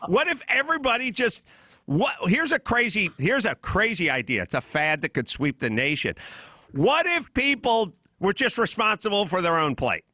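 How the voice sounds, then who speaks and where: A middle-aged man on a podcast, ranting with comic exasperation and a lot of swearing. His voice sits high for a man, bright and lively, and swings widely up and down. The sound is close and dry, recorded in a hotel room. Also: dry recording. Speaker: podcast host. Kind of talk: comedic rant.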